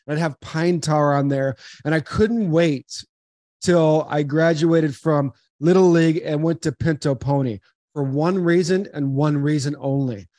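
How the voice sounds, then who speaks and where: A man in his forties from Southern California tells stories on a podcast, earnest and animated, often restarting his sentences. His voice sits on the higher side. The sound is dry and close. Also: measured pace, no echo. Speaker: podcast guest. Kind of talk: casual interview storytelling.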